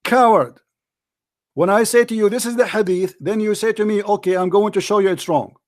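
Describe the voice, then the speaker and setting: High-voiced combative man, dry sound. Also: fairly quick, a little mellow, dry recording. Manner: combative, mocking, repeats phrases insistently. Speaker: host of a call-in debate show. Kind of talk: heated call-in debate.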